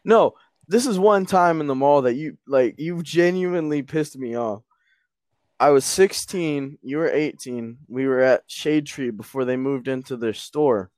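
A young man in easy, casual conversation with a middle-range voice. He tells stories with lots of laughter and quick impressions of his friends. The sound is close and dry, with no room around it. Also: medium pitch, no echo. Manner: laughing storyteller, quotes friends in animated bursts. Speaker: podcast co-host. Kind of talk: casual chat.

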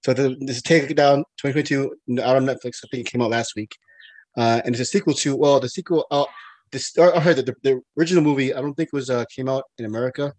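A man co-hosting a casual movie podcast, excitable and rambling, with many fillers, restarts and laughs. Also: mid-range voice, fast talker, dry recording. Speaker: podcast co-host.

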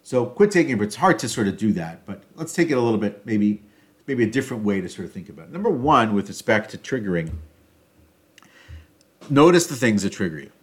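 A man giving a reflective solo talk on a self-help topic, thinking aloud with loose phrasing, fillers and restarts, and loudness that rises and falls. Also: on the low side, big pitch swings, a little fast.

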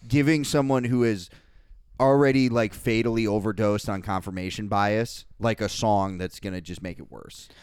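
A young man on a casual podcast, ranting profanely in quick bursts. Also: on the low side, fairly even intonation, a little mellow, clear, resonant tone, dry recording, clean studio sound. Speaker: podcast co-host.

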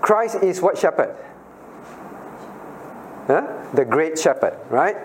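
A man's voice: fairly high pitch, big pitch swings, slow, a little hiss or hum. A man, a pastor, teaching a Bible study class. He questions listeners by name and repeats his key phrases.

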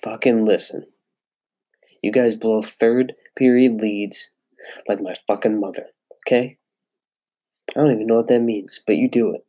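A man's voice: on the low side, steady tone, moderate pace, long pauses, warm tone, dry recording, clean studio sound. A young man hosting a casual solo sports podcast, rambling and swearing freely with lots of fillers. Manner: rambling and profane, with frequent fillers. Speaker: podcast host.

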